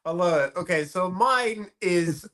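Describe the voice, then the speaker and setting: A man in relaxed podcast chat, rambling through fillers and giggling as he goes. His voice sits slightly high. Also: unhurried. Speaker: podcast co-host. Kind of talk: casual chat.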